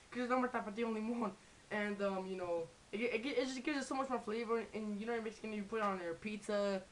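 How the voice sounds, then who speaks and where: A woman's voice: on the high side, a little hiss or hum, low-quality recording. A young woman in a casual comedy vlog, rambling and swearing with many restarts. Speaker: vlogger.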